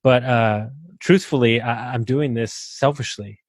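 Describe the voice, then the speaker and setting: A man hosting a podcast interview, relaxed and chatty, with plenty of fillers and easy laughter. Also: mid-range voice, a little slow, no room sound. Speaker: podcast host. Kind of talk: casual interview chat.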